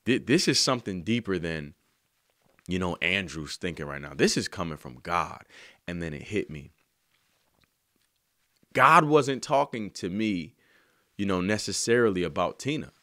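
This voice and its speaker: A man telling an emotional story about writing a song, earnest and slangy, sometimes softly singing lines. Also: low voice, no room sound, studio quality. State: choked up. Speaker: songwriter. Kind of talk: heartfelt spoken testimony.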